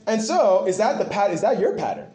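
Male preacher with a high, lively voice, impassioned and repetitive, recorded in a roomy hall. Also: brisk. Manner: impassioned, repetitive, animated storytelling. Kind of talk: sermon. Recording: echoey room.

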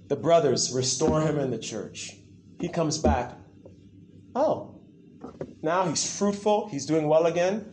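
Lively high-voiced preacher in an echoey room. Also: male voice, slight background noise. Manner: animated, acts out quotes, asks the crowd for replies. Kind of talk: sermon.

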